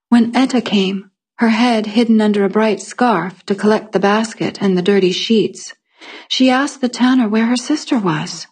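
A woman narrating a first-person fantasy story in a calm, measured storytelling manner. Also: medium pitch, husky. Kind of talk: scripted fiction narration.

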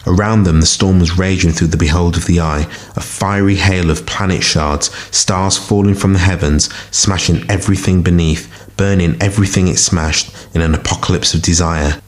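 A man giving a measured, dramatic scripted fiction narration as a story reader. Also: sits low, steady tone.

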